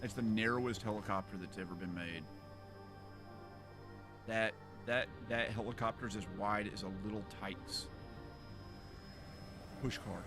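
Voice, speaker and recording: A man's voice: fairly low pitch, steady tone, a little slow, long pauses. A man giving rambling, joking commentary while streaming a game. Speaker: gaming streamer. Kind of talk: casual playthrough commentary. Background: game music.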